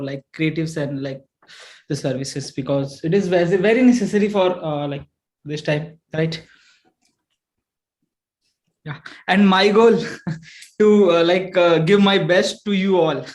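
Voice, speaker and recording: Man, slightly higher voice, halting, lots of fillers, video call. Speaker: member of a coaching group. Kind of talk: casual video call chat.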